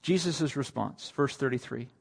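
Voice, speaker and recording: A male pastor preaching a sermon. His voice swells to emphatic peaks on quoted lines and sinks soft and low when he speaks of his own need. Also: normal speed, vocal fry, husky, in a large hall. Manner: rises to emphatic, raised delivery on quoted lines, then drops soft and low.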